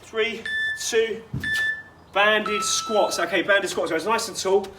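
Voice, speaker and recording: Male fitness coach, higher voice, chatty instructive delivery with asides, outdoor take with light ambience. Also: takes it slowly, background noise. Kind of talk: guided workout instruction.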